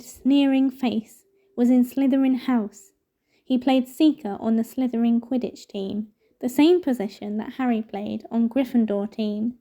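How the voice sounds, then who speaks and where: A woman reading a novel aloud in steady, measured narration. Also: a little high. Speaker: storybook reader.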